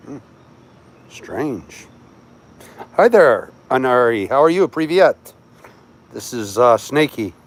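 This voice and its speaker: A man's voice: medium pitch, big pitch swings, slow pace, long pauses. Chatty middle-aged man on a livestream. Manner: chatty, reads out and answers viewer comments. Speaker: livestream host. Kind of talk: casual livestream chat.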